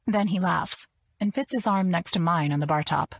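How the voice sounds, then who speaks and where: Woman, audiobook narrator, low voice, husky, gravelly, dry close sound, first-person reading. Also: moderate pace, dry recording.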